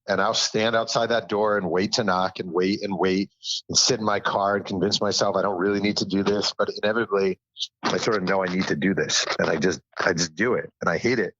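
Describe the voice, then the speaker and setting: A man with a deep, low voice tells stories as a podcast guest, slipping into the voices of the people he quotes and poking fun at himself. The sound is dry and a little dull, like a lo-fi remote mic. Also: brisk, dry recording. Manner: animated storyteller who acts out quotes, self-deprecating. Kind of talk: casual interview storytelling.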